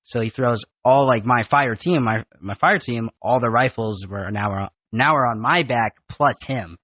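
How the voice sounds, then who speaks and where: A young man in a podcast studio, telling animated, profane stories in a casual, rambling way. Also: mid-range voice, normal speed, no echo. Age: young adult. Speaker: podcast guest. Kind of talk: casual storytelling.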